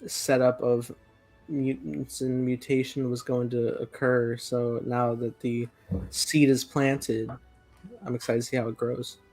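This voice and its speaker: A man co-hosting a casual podcast, speaking in a measured, thoughtful way. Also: mid-range voice, flat delivery, a little mellow, faint music behind. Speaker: podcast co-host. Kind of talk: casual chat.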